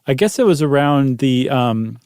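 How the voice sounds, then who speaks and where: A man's voice: mid-range voice, animated, normal speed, darkish tone, clear, resonant tone, dry recording. A man co-hosting a podcast in casual chat, easygoing with dry teasing and frequent ums. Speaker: podcast co-host.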